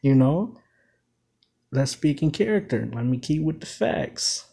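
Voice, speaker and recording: Man, fairly high voice, mellow tone, casual lyric breakdown, emphatic, repeats the bars. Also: animated, measured pace, gravelly, breathy edge. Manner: emphatic, repeats quoted lines, keeps asking "you know what I'm saying". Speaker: commentator.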